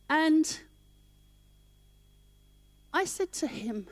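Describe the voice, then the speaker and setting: A woman's voice: sits high, takes it slowly, pauses often, no echo. A middle-aged woman minister telling her personal story in church, emotional and conversational.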